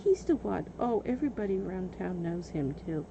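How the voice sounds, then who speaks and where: A woman livestreaming, telling a story in a casual, animated way and often breaking into laughter. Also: fairly low pitch, brisk, vocal fry, lo-fi sound, noisy background. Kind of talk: casual storytelling while gaming.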